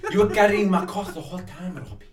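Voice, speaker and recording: A man's voice: sits high, animated, fast talker, a crowd in the background. A man swearing and riffing on jokes in casual chat.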